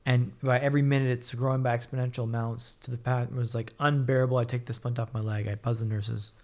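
A man's voice: mid-range voice, level tone, quick pace, a little mellow. A man telling his own story as a podcast guest, blunt and upbeat, swearing freely. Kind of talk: casual candid storytelling.

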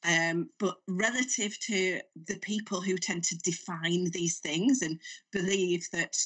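A woman's voice: fairly low pitch, unhurried, breathy edge, distant mic. A woman with a Northern English accent, a writer and comedian talking animatedly as a podcast guest. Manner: animated, chatty storyteller. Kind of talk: casual podcast interview.

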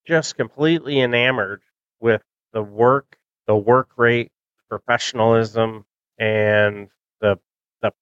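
A man's voice: fairly low pitch, fairly bright tone, no echo, lo-fi sound. A middle-aged man hosting a podcast in casual chat, rambling and nostalgic with many fillers, close to the mic. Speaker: podcast host.

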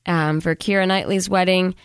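A woman's voice: fairly low pitch, steady tone, normal speed, clean tone, no room sound, studio quality. A woman co-hosting a casual podcast, chatty and sarcastic, acting out characters' lines as she recaps a movie. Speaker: podcast co-host. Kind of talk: casual chat reviewing a movie.

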